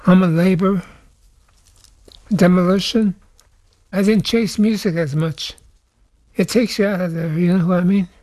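Soft-spoken older American man, high voice. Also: fairly even intonation, no echo. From United States. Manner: soft-spoken, halting with repeated words. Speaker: interviewee. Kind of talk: reflective interview answers. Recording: faint music underneath.

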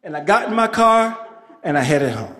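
A man with a Bronx accent telling a comic story live on stage, animated and shouting for effect. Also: on the high side, normal speed. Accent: New York, Bronx. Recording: live stage with long hall reverb.

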